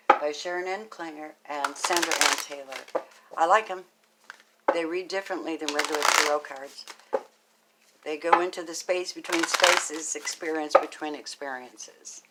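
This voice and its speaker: A woman giving a casual spoken tarot reading, chatty and affectionate, thinking aloud as she goes and now and then dropping into a soft, half-whispered aside. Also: low voice, very noisy. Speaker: tarot card reader.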